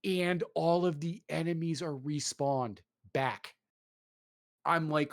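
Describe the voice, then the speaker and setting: Male host, mid-pitched, ranting loosely about games, cursing freely. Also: a little slow. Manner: animated ranting, swearing, lots of fillers. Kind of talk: casual chat.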